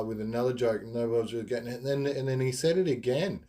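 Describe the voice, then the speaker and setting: A man's voice: medium pitch, fairly even intonation, very fast, dark tone. Rambling giggly man. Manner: rambling, giggly, lots of fillers. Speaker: podcast host. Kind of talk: casual storytelling monologue.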